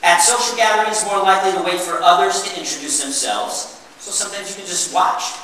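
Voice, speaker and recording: Animated man presenting in an echoey hall. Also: high voice, brisk, a little hiss or hum. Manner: animated, calls on the audience for answers. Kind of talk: interactive workshop presentation. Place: meeting room with an audience. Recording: echoey hall, mic far off.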